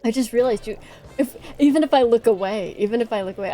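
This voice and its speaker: A woman's voice: mid-range voice, normal speed, dark tone, faint music behind. A woman streamer chatting casually on a livestream, playful and giggly, rambling as she talks.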